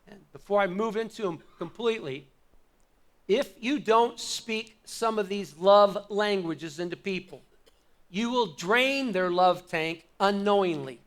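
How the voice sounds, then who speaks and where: A middle-aged male pastor with a notably high voice delivers a sermon in a church sanctuary. He talks in an easy conversational way, then presses home his points with emphatic repeated calls. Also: a little slow, a bit bright.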